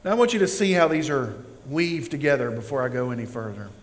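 A man preaching a sermon as pastor, slow and emphatic, building in intensity. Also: mid-range voice. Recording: long reverb of a large hall.

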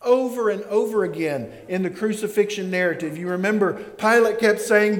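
Preacher guy, high voice, slow deliberate delivery, big booming sanctuary reverb. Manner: emphatic preaching, swells and drops in volume; calls on the congregation to respond. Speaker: pastor. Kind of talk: sermon. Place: church sanctuary. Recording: long reverb of a large hall.

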